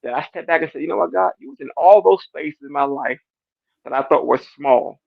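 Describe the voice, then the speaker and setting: A man sharing a casual church testimony, animated and repetitive, acting out his talks with God. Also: a little high, fairly quick, creaky. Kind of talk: casual church panel discussion. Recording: dull lo-fi dry sound.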